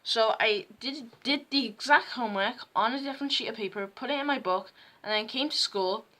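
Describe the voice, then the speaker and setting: At home, a teenage vlogger chats casually to camera, rambling through self-mocking stories. She speaks at normal speed in a fairly high voice with a sharp tone.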